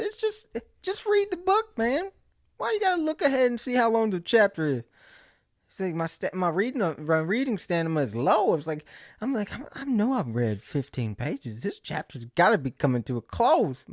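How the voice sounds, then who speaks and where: Animated, jokey man telling stories. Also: a little high, no echo, clean studio sound. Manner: animated storyteller who acts out his own inner voice; jokey and self-mocking. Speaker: host. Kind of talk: casual solo monologue.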